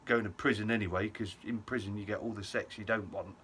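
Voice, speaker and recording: A young man with a fairly low voice tells a story to his viewers in a loose, rambling, self-mocking way. Soft background ambience hums faintly behind him. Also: steady tone, quick pace, a little hiss or hum. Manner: chatty, self-mocking, lots of ums and et ceteras. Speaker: vlogger. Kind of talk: casual storytelling to camera.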